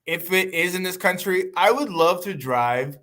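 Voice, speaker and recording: Man, from the US, podcast host, animated, rambling, laughs easily, slightly high pitch. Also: normal speed. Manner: animated, rambling, laughs often, many restarts. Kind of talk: casual chat.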